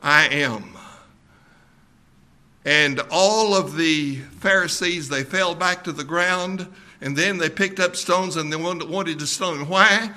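A man pastor preaching a sermon, slow and emphatic, often repeating words as he builds a point. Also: a little high, sharp tone.

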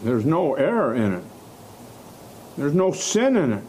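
A man preaching a sermon, slow and emphatic, stressing key words and letting out short laughs. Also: on the high side, big pitch swings, darkish tone, a little hiss or hum.

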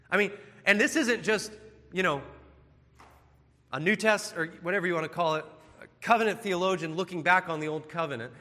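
Emphatic preacher in a reverberant hall. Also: male voice, high voice, sharp tone. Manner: earnest, emphatic, pleading. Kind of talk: sermon.

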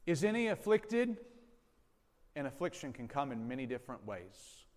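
A man's voice: medium pitch, very animated, moderate pace, a little mellow. A man preaching a sermon as pastor, speaking earnestly and directly to his congregation. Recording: long hall reverb.

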